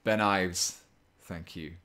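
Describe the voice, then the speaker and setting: A very low-pitched man talks into a desk microphone as he paints on a live stream. He thinks aloud in a loose, rambling way. He keeps teasing himself in a playful tone. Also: steady tone, slow, sharp tone. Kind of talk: casual live-stream chat.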